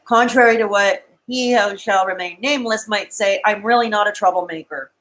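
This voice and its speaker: A woman's voice: medium pitch, normal speed, a bit bright, poor audio. A woman on a live stream, talking to her chat in a rambling, distraught way, tearful at times, with bitter laughs between thoughts. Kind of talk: emotional live-stream monologue.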